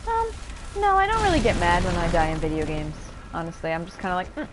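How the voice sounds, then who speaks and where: A woman's voice: fairly low pitch, huge pitch swings, fast talker, background noise. A young woman casually commenting as she streams a video game, chatty and laughing, reading chat aloud and swearing.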